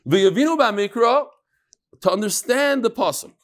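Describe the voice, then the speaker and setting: A man's voice: very high voice, animated, normal speed. A middle-aged man teaching a daily Talmud class in a conversational way, with frequent asides and restarts. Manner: conversational, mixes Hebrew and Aramaic terms, frequent restarts and asides.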